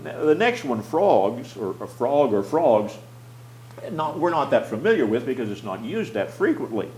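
A man's voice: medium pitch, sing-song, moderate pace, darkish tone, reverberant, slight background noise, rough recording. A man teaching a Bible class, explaining plainly, often restarting his phrases and putting questions to the class.

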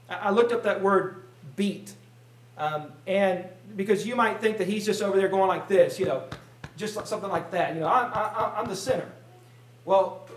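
A male pastor preaching a sermon with emphasis, often repeating words as he presses a point. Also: high-pitched. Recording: roomy sound from a distant mic.

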